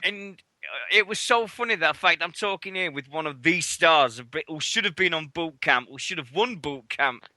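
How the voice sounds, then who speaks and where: Guy hosting radio, chatty and sweary, super bright tense voice, dry close sound. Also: fairly high pitch, lively intonation, normal speed, no echo. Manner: chatty, sweary, acts out others' lines. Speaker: radio show host. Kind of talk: casual chat radio storytelling.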